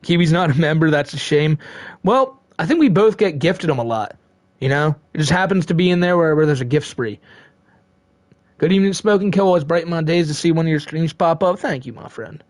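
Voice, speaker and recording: Streamer host, male, high-ish voice, dry close sound; loose, profane, rambling chat with frequent laughs. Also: expressive, brisk, no room sound. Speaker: live streamer reading chat. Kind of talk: casual live-stream chat.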